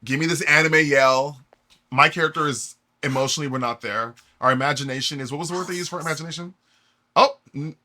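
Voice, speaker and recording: A man's voice: a little high, fast talker, sharp tone. A man streaming a video game, joking and reacting animatedly while he talks to his chat. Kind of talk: casual gameplay commentary. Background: game music.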